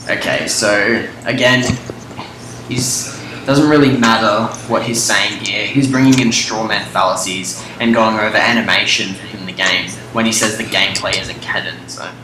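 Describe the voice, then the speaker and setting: A man's voice: on the low side, moderate pace. A young man in casual debate chat, arguing his points firmly and swearing freely, often cutting in on his friend. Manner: argumentative, profane, interrupts often. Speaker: co-host debating game lore. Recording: roomy echo with clear background noise.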